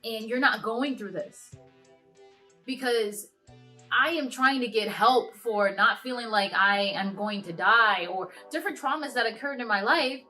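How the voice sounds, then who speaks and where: Bright-voiced young woman telling a personal story. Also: on the high side, soft background music. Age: 20s. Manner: halting, earnest, full of restarts. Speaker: vlogger.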